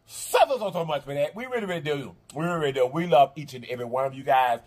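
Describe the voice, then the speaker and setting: Southern American man, high voice, sing-song half-singing drawl, casual vlog host. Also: quick pace, a little mellow. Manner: drawling, repetitive, affectionate addresses to viewers. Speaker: mukbang channel host. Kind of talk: casual vlog chat to viewers.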